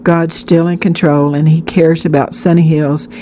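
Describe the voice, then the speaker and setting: A woman's voice: deep voice, little pitch movement, normal speed, slight background noise, close to an everyday voice. A woman voicing a kind, encouraging pastor's wife in a storybook reading. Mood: gentle. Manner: gentle and encouraging.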